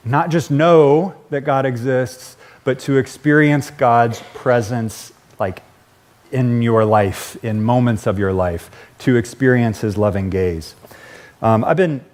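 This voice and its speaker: A man's voice: medium pitch, darkish tone. Chatty male pastor preaching. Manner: casual and conversational, with chuckles and self-corrections. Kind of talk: sermon.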